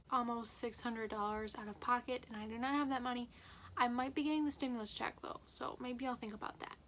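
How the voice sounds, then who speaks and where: A teenage girl talking candidly to her phone camera at home in a rambling diary vlog, full of "like" fillers. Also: a little high. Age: late teens. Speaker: vlogger. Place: at home, indoors.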